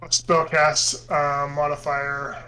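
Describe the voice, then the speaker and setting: A man's voice: a little high, completely flat delivery, slow pace, sharp tone, poor audio. A man playing a tabletop game, hesitant and full of ums. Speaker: player.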